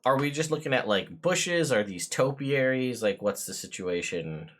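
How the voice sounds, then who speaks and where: A man's voice: mid-range voice, lively intonation, moderate pace, fairly bright tone. A man running a tabletop game as game master, describing scenes and asking players questions with many hesitations. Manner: hesitant, full of fillers and restarts while describing scenes.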